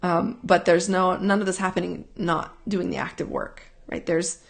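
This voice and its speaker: A woman's voice: fairly low pitch, steady tone, moderate pace, gravelly. A woman hosting a casual live talk, answering viewers in a rambling, earnest way that keeps circling back and repeating itself. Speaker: host answering viewer questions.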